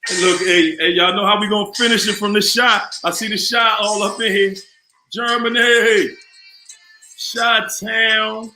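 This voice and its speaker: A man from the Washington, D.C. area hosting a casual live online show, chatty and upbeat as he shouts out viewers by city. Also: sits high, steady tone, a little slow, echoey room, soft background music, rough recording. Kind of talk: casual live-stream chat.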